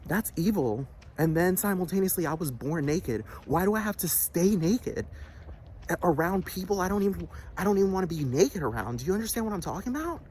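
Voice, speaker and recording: A fairly high-voiced man rants in a heated, agitated way, swearing often and circling back to the same points. He keeps demanding whether the listener understands him. A faint hiss of noise sits under the recording. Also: animated, a little fast, darkish tone. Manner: agitated, repetitive, profane, keeps asking "do you understand". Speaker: vlogger. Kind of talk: heated rant to camera.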